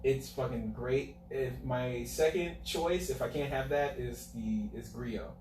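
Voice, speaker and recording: A man's voice: medium pitch, unhurried, darkish tone. A man from Florida, a guest on a casual podcast chat, who swears freely, laughs often and tells stories with energy. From USA, Florida. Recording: echoey room, distant mic, noisy.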